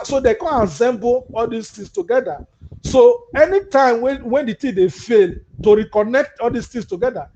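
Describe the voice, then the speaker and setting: Nigerian Pidgin-accented male host, high voice, mocking asides on a dull, slightly hissy line. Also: darkish tone. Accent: Nigerian Pidgin English. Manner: mixes Pidgin and English, reads viewer comments aloud, mocking asides. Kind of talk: live call-in political talk show. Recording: muffled lo-fi audio with faint hiss.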